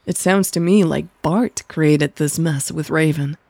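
A woman voicing Kim, a caring best friend who probes gently and coaxingly. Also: low-pitched, measured pace, gravelly, no room sound, heavily acted. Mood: gentle.

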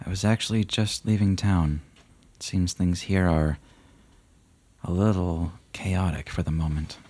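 A man voicing a mysterious cloaked rider who speaks formally and solemnly, with a husky voice. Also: low voice, fairly even intonation, unhurried, darkish tone. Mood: courteous. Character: mysterious cloaked male rider, grave and courteous. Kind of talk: tabletop role-play.

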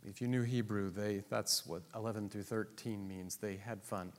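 A man's voice: on the low side, fairly even intonation, moderate pace, darkish tone. A man teaching a Bible class to a live audience, joking and teasing his listeners as he explains the text. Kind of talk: classroom lecture. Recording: long hall reverb.

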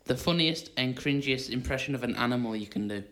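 A man's voice: mid-range voice, brisk, a bit bright. A man hosting a casual podcast, upbeat as he reads out the questions and tells his own stories. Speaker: podcast host.

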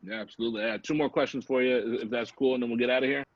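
A man's voice: medium pitch, fairly even intonation, rapid-fire, dry recording. A man hosting an interview, laid-back and hesitant, asking questions casually. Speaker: podcast host, interviewer. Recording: dry, dull lo-fi audio.

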